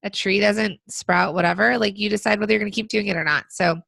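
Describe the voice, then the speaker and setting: A woman co-hosting a business podcast, giving casual advice with lots of fillers, her voice still rough from being sick. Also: medium pitch, steady tone, fast talker, fairly bright tone, no room sound. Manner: conversational, frequent fillers. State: recovering from illness. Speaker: podcast co-host.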